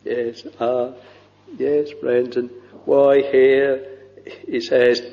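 Slow-preaching man in an echoing hall. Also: mid-range voice, flat delivery, vocal fry, mellow. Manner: slow, halting delivery with many pauses and fillers. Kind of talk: sermon. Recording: dull lo-fi recording with long hall reverb.

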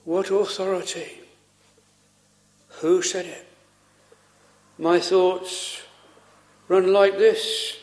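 A man preaching a solemn, earnest sermon with slow pauses, quoting old scripture. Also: high voice, flat delivery.

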